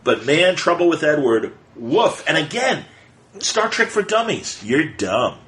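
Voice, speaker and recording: A man co-hosting a casual podcast chat, talking quickly and with energy, and slipping into playful voices when he quotes people. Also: a little high, low-quality recording. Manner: animated, fast retelling with playful quoted voices. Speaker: podcast co-host.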